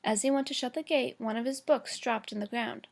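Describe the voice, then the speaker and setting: Woman teacher, higher voice, reads a chapter aloud to the class, slow, fixes her own slips. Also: vocal fry. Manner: slow, careful reading with small stumbles and self-corrections.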